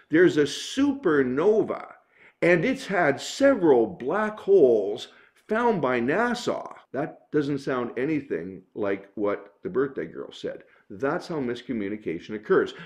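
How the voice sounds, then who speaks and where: A man who works as a business consultant and trainer gives an instructional talk in an emphatic, explanatory way. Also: a little high. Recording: dull lo-fi recording.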